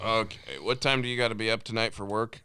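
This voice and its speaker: A teasing man co-hosting a podcast, his voice smooth and resonant. He curses casually and leaps way up in pitch when he acts out what people said. The mic is close and dry. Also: steady tone, fast talker, sharp tone, no room sound. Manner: teasing, profane, jumps high when acting out dialogue. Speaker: podcast co-host. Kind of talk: casual chat.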